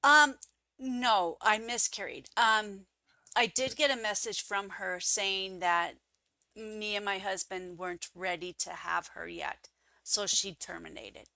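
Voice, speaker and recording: Slow-talking woman with bright tone. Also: gravelly, dry recording. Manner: animated, acts out quoted voices with big pitch jumps. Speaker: guest. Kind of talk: casual interview storytelling.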